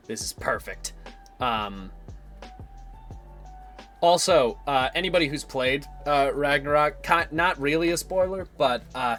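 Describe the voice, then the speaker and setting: A man's voice: medium pitch, fairly bright tone. A man in his twenties chatting casually on a stream, rambling, swearing freely and laughing often. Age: 20s.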